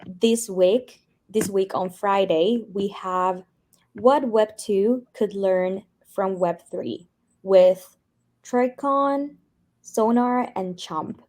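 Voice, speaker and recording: Friendly woman co-presenter with a mellow voice, reading through weekly updates. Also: mid-range voice. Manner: friendly, laughs between lines. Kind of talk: casual community call update.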